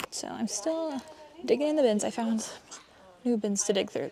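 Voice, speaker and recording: Woman, young adult, slightly high pitch, casual upbeat vlog chat, explaining finds. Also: lively intonation, moderate pace, long pauses, mellow, a little hiss or hum. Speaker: thrift reseller vlogger.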